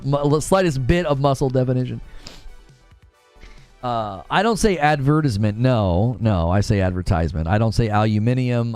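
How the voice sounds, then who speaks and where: A man's voice: medium pitch, darkish tone, clear, resonant tone, no room sound. A man chatting casually on a gaming live stream, rambling and correcting himself as he talks. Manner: rambling, self-correcting, laughs often.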